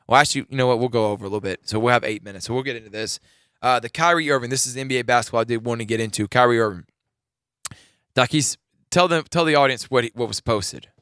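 Sports radio host guy, bright crisp voice, dry close mic, gets loud and preachy about players. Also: medium pitch, fast talker, no echo. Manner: opinionated, builds to emphatic rants. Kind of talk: animated sports talk.

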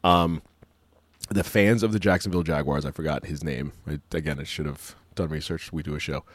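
A man with a very deep voice rambles through a casual podcast chat, laughing often and trading playful jabs. The sound is dry and close with no room in it. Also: fairly even intonation, a little fast, dry recording. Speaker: podcast co-host.

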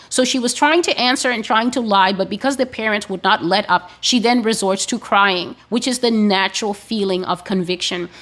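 A woman giving a sermon-style teaching, speaking in a slow, emphatic and deliberate way. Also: medium pitch, a bit bright. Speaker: preacher.

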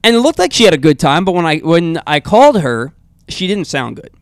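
A male talk radio host telling a long, animated story in a rambling, casual way with frequent restarts. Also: on the high side, a little fast, no echo.

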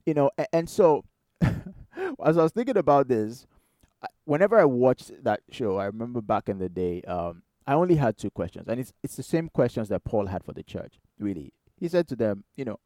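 A man preaching a sermon in a conversational, animated way, firing rhetorical questions at the congregation. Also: mid-range voice, moderate pace, dry recording. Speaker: pastor.

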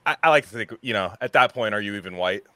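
Male podcast host, slightly low, bright tone, dry sound, rambling casual chat. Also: expressive, fast talker, no room sound. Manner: rambling, laughing storyteller.

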